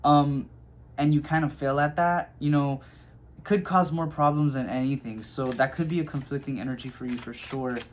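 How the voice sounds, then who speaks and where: A man's voice: medium pitch, steady tone, normal speed. A man giving a casual tarot reading, chatty and loose, full of fillers and "okay?" check-ins. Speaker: tarot reader.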